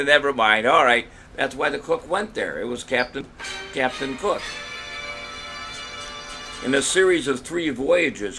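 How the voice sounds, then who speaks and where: Jokey rambling trivia host man, music behind. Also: mid-range voice. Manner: jokey, rambling, reads questions slowly. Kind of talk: casual live-stream quiz hosting.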